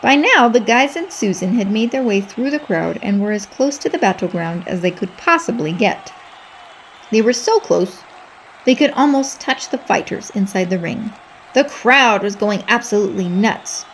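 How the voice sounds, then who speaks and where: A woman reading a children's storybook aloud in a lively, expressive way. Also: mid-range voice, moderate pace, a little hiss or hum.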